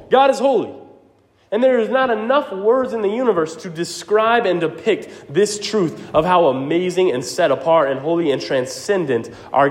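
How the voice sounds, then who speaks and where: A man preaching a sermon as pastor, earnest and emphatic, often checking in with the congregation. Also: high-pitched. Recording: reverberant hall sound.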